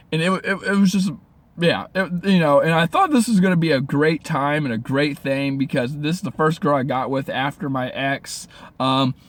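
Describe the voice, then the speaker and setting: A man telling a personal story to camera in a casual vlog, animated and swearing freely, often stammering and restarting as he gets worked up. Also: medium pitch. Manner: animated, swears freely, keeps asking "right?"; restarts and stammers when excited.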